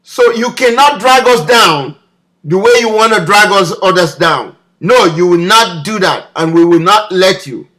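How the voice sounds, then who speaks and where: A man's voice: high voice, lively intonation, measured pace, sharp tone. A man delivering an impassioned political video message, leaning on repeated rhetorical questions. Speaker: political commentator.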